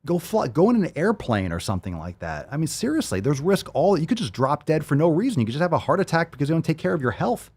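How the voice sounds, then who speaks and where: A man's voice: on the high side, big pitch swings, quick pace, few pauses, darkish tone, slightly rough. A man hosting a fitness show, ranting in a heated, profane way. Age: adult, 30s or older. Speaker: host. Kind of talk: fitness podcast rant.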